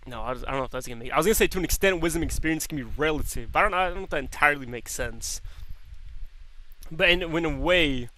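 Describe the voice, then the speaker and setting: A man's voice: on the high side, bright, forceful tone. A young man streaming, chatting casually and swearing freely, repeating words as he thinks aloud. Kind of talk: casual chat.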